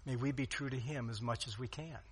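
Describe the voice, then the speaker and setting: A pastor preaching a sermon with emphatic delivery, swinging from loud to quiet. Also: male voice, medium pitch, steady tone, a little fast, husky. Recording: long hall reverb.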